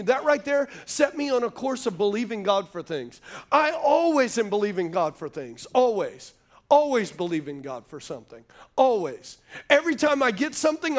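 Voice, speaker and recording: High-voiced man preaching to a congregation. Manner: call-and-response preaching, asks the crowd to answer; jokey asides between points. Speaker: pastor. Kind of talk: sermon. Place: church sanctuary before a live congregation.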